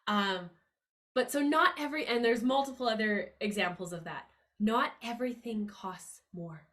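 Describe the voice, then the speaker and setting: A woman's voice: normal speed, a bit bright. Upbeat, emphatic woman podcast host. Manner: upbeat and emphatic, rising pitch on key words; earnest, confiding tone with listeners. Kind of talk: motivational money-mindset monologue.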